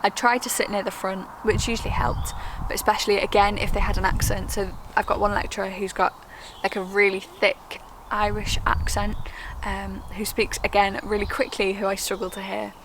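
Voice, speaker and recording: A young woman from the UK talking to camera in a quick, chatty, earnest way, with frequent ums. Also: mid-range voice, level tone. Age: young adult. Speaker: vlogger. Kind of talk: casual talk to camera. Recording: noisy background with traffic.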